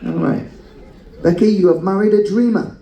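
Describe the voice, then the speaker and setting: A man hosting a comedic live game show on a cruise ship, teasing contestants with quick banter and frequent laughter. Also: high-pitched, creaky, dark tone, reverberant, some chatter behind, low-quality recording.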